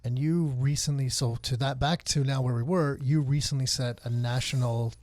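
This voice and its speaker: A man's voice: medium pitch, steady tone, moderate pace, a little mellow, no room sound. A man in his forties co-hosting a podcast in casual chat, rambling and self-deprecating and often laughing. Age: 40s. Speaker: podcast co-host.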